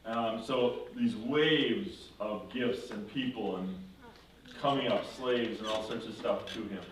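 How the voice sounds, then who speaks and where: A man teaching a confirmation class, retelling a story in a lively way, acting out the characters and correcting himself as he goes. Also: fairly low pitch, takes it slowly. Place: church classroom. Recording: echoey room from far off with faint noise.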